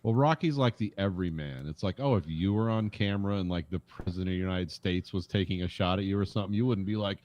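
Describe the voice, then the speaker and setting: Rambling low-voiced man on a podcast. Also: fast talker, hardly any pauses, darkish tone. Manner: rambling, hesitant, acts out quotes. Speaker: podcast co-host. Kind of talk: casual movie discussion.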